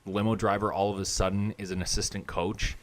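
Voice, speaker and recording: A man's voice: on the low side, flat delivery, fairly quick. A man co-hosting a podcast, recapping a film plot in casual chat with dry asides. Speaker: podcast co-host. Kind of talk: casual movie review chat.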